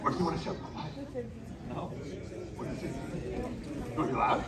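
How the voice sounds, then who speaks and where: A man hosting an interactive live storytelling show, animatedly coaxing the audience to shout along. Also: fairly high pitch, huge pitch swings, a little fast. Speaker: live children's storytelling performer. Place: outdoor winter carnival stage. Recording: echoey, distant live stage recording with crowd. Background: audience noise.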